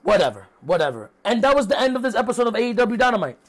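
Young man, high voice, sarcastic, dismissive, casual podcast recap. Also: very fast. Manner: sarcastic, dismissive, trailing off into flat mutters. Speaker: podcast host reviewing wrestling. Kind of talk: casual solo review.

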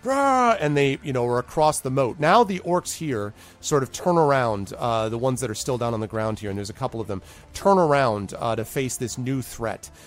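A man's voice: mid-range voice, normal speed, faint music behind. A man narrating a tabletop game as game master, rambling with many fillers as he describes the action.

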